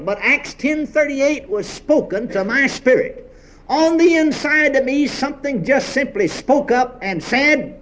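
A man's voice: very high voice, a bit bright. A man preaching a sermon, exhorting his congregation with rhetorical questions and calls of praise.

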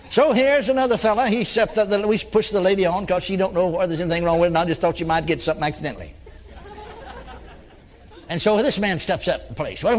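A male preacher with a high voice that swings widely up and down as he tells stories from the pulpit. He is folksy and plain-spoken, slips into the voices of the people he prays with, and lets a chuckle in between points. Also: slight background noise. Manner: folksy, acts out dialogue with congregants. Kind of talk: storytelling sermon.

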